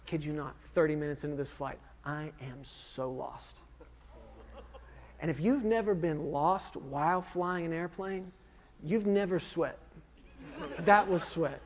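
High-voiced male preacher telling a story. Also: highs cut off, slight background noise. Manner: storytelling, self-mocking, quick asides. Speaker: minister. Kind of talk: sermon testimony.

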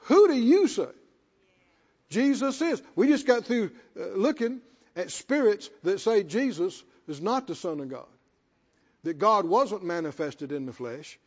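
A man with a very high voice preaches in a lively, swooping delivery. He repeats himself for emphasis in a plain, folksy way. The sound is dull and lo-fi, with a long hall echo. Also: measured pace, husky. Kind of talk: sermon.

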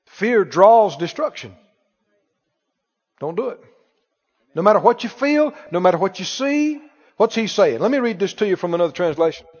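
High-voiced preacher in an echoing hall. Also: male voice, big pitch swings, moderate pace, long pauses, a little mellow. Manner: emphatic, call-and-response leading. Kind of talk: sermon. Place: church sanctuary. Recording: dull recording in a reverberant hall.

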